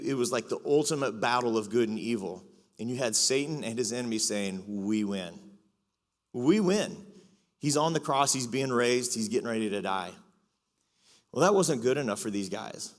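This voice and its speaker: Brief: male preacher, middle pitch, conversational and self-mocking, long church-hall reverb. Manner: conversational, confessional, joking asides. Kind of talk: sermon. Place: church auditorium.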